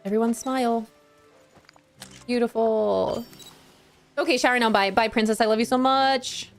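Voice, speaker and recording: A woman's voice: fairly high pitch, steady tone, moderate pace. A woman streaming a cozy game, chatting with viewers in a bubbly, giggly way. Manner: giggly and bubbly, laughs often, chats with viewers. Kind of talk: casual live-stream chat. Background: faint game music.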